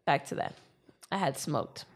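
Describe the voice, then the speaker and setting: A woman in her twenties telling a personal story in casual chat, with lots of fillers. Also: moderate pace.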